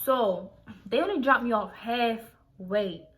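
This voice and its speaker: Bright-voiced young woman telling a story. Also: on the high side, slow pace. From Philadelphia, USA. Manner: slangy and profane, heavy use of "like", restarts sentences. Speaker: vlogger. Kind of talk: casual storytelling.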